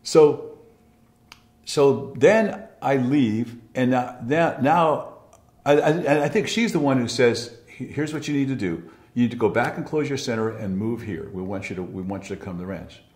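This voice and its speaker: A man's voice: medium pitch, moderate pace, darkish tone. Blunt, profane older man in a roomy space. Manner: profane, blunt, with frequent restarts. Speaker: interviewee recalling past. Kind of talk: candid storytelling. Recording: roomy echo.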